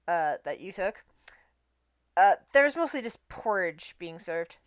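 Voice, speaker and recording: A woman game master explains the rules and narrates the table's scenes in a smooth, clear voice. She hesitates often and restarts her sentences. The sound is dry and close. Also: lowish voice, big pitch swings, measured pace, no echo. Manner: hesitant, full of fillers and restarts.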